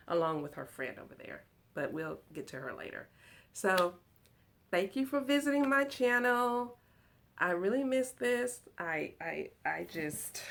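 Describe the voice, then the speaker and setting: Slow, gravelly-voiced woman. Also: fairly low pitch. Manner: chatty, excited, giggly, addresses viewers as y'all. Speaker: home decor vlogger. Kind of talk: casual chat to viewers. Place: her lounge room at home.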